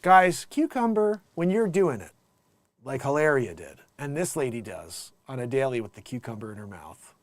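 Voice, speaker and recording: A man hosting a casual comedic commentary show, animated and mocking, slipping into quick voices for the people he describes. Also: medium pitch. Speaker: host.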